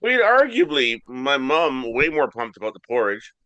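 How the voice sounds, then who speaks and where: A man co-hosting a comedy podcast, telling absurd deadpan stories and squeaking up high when he quotes his mom. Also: normal speed, no room sound, muffled recording. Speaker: podcast co-host. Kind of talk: casual comedic chat.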